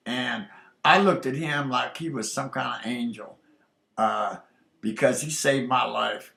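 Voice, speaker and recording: Slow gravelly man telling a story. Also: medium pitch, fairly even intonation, sharp tone. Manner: halting, earnest, many filler pauses. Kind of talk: personal storytelling. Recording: roomy echoey recording.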